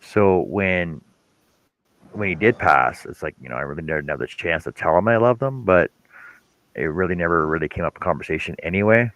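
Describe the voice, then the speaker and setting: A man's voice: low-pitched, lively intonation, fairly quick, fairly bright tone, low-quality recording. A man chatting casually on a live stream, telling wry stories and teasing the others. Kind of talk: casual chat.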